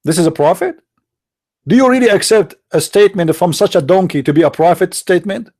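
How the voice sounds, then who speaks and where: Sarcastic man with a high voice. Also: fairly quick, a little mellow. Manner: sarcastic, mocking, jeering. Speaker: online commentator. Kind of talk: mocking rant.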